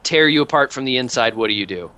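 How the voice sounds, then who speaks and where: Lively, bright-voiced man running a game. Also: mid-range voice, fast talker, no room sound. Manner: animated, laughing often. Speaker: game master. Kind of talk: narrating a tabletop game.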